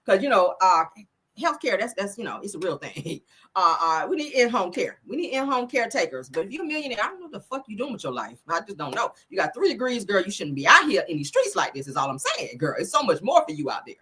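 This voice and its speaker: A woman's voice: medium pitch, sing-song, fast, sharp tone, breathy edge. A woman hosting a casual celebrity gossip livestream, sassy and profane, laughing often and talking straight to her viewers.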